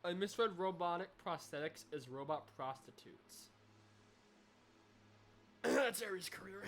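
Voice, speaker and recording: This game developer talks animatedly, his pitch jumping around while he jokes, swears and reads lines aloud. Faint music plays behind him. It is a loose, casual playthrough. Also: animated, a little slow, pauses often.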